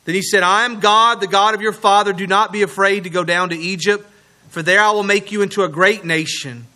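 A man preaching a sermon as pastor, earnest, slowing and dropping low on key words. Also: fairly even intonation, sharp tone.

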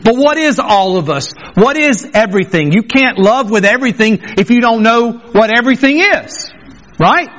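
A man with a high voice preaches a sermon, stressing his points by saying them again. The recording sounds dull and lo-fi. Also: lively intonation, moderate pace, fairly bright tone. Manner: emphatic, repeats phrases for stress.

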